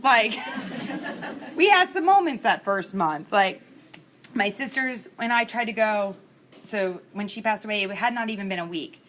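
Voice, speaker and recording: A woman's voice: on the high side, normal speed, fairly bright tone, a little hiss or hum. A woman in her thirties giving a casual lecture, candid and chatty, laughing through personal stories. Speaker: instructor. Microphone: screencast recording mic.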